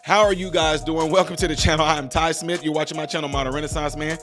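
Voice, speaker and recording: Male vlog host, fairly high voice, casual and opinionated, faint music underneath. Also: fast talker. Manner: casual, animated, talks straight to viewers. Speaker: channel host. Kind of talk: opinionated political commentary vlog.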